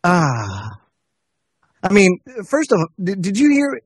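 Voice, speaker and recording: A man co-hosting a casual online radio talk show, talking in halting bursts with many restarts. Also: high-pitched, wildly swooping pitch, husky, dry recording. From United States. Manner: halting, many restarts, reads letters aloud. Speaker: co-host.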